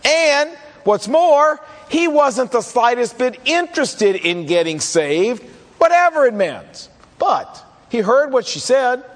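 Male pastor, very high voice, conversational sermon delivery, echoing church hall. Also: big pitch swings, slow pace. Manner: conversational preaching, acts out listeners' questions.

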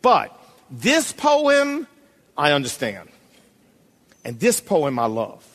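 High-voiced animated preacher man. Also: takes it slowly, long reverb tail. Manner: preachy, emphatic, calls out to congregation; reads poem aloud dramatically. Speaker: pastor. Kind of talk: sermon.

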